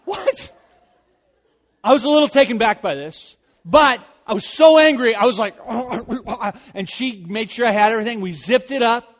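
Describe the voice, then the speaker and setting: A man preaching a sermon, telling stories with lively, rising energy and quiet serious turns. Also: very high voice. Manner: animated storytelling, rising loud in anecdotes. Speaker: pastor. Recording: long hall reverb.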